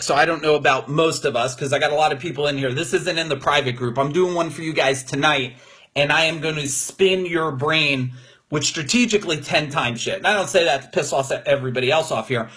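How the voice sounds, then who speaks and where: A man's voice: a little high, a bit bright, slightly rough. A man giving an unscripted motivational talk to viewers on a live stream, blunt and profane, mocking people who whine. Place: room with neighbors next door.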